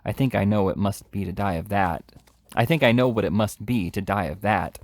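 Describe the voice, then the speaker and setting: A mild, wounded orphan boy who speaks softly, as a man reading aloud gives him lines. The voice is low and plain, barely shifted from the reader's own. The recording is close and dry. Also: brisk, no room sound. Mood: subdued. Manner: subdued, then sharp and defiant. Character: quiet, mild workhouse boy.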